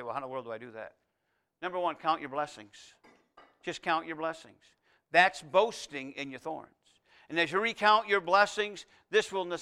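Male pastor, sermon delivery, slightly high and clear, emphatic repetition with quiet stretches. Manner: preaching with rising, emphatic repetition; drops to a soft, intimate tone.

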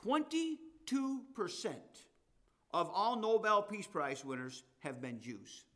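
A man preaches a sermon, reading scripture aloud. His voice sits a little high for a man. He hammers his main points and then slips into soft, offhand remarks. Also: big pitch swings, measured pace. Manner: emphatic, rising to loud declarations and dropping to asides.

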